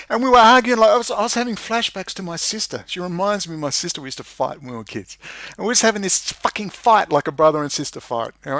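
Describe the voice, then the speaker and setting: Ranting Australian man, high-pitched and close. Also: fairly bright tone, dry recording. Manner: emphatic, profane, ranting. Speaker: video commentator. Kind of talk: ranting monologue.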